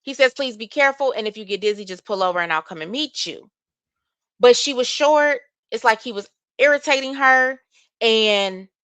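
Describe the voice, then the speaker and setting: A woman's voice: fairly high pitch, fairly bright tone, dry recording. A woman hosting a casual livestream, reading text messages aloud to her viewers and weighing in with her own opinions. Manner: addresses viewers directly as y'all. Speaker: livestream commentary host.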